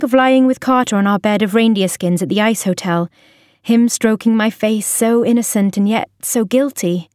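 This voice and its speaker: A woman narrating a first-person story in a soft, emotional way. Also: fairly high pitch, moderate pace, no echo, clean studio sound.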